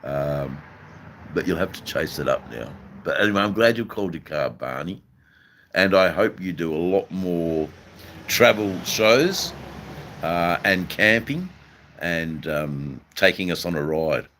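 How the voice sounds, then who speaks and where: An Australian man hosting a livestream, chatting casually with viewers in a halting way, full of ums and repeated phrases. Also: low voice, expressive, fairly bright tone, slight background noise. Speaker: livestream host reading chat. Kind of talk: casual live-stream chat.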